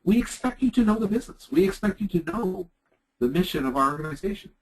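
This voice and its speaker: A middle-aged man with a Canadian accent giving a chatty leadership presentation, acting out quotes in lively voices. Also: high-pitched, fast talker, slightly rough, rough recording. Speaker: leadership speaker. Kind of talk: webinar presentation.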